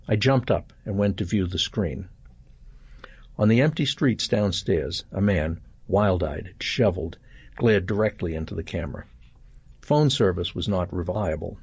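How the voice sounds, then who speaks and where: An older man reading a first-person short story aloud in a calm, measured way. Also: low-pitched, creaky, breathy edge, dry recording. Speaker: narrator.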